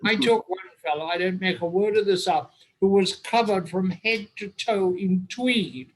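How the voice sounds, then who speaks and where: A man's voice: high-pitched, normal speed, poor audio. Older English man telling wry stories. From England. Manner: wry, humorous raconteur. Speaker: host. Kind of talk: anecdotal storytelling.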